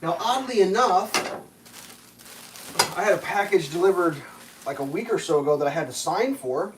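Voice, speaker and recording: A man's voice: high voice, lively intonation, moderate pace, a little hiss or hum. Rambling, profane man telling a story. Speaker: livestream host. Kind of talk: casual storytelling.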